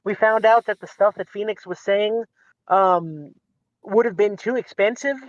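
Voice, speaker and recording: Animated man telling a story on a dry mic. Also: high voice, unhurried, dry recording, dull audio. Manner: animated, acts out quotes. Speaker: guest. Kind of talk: casual storytelling chat.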